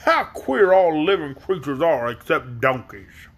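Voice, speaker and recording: A man voicing a pompous donkey king who speaks slowly and haughtily. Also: on the high side, very animated, vocal fry, heavily acted. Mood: haughty.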